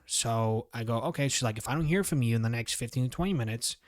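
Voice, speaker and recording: Profane, animated young man telling a story. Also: mid-range voice, fast talker, dry recording, studio quality. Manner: animated storyteller, swears a lot, acts out voices of others. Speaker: podcast co-host. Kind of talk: casual storytelling chat.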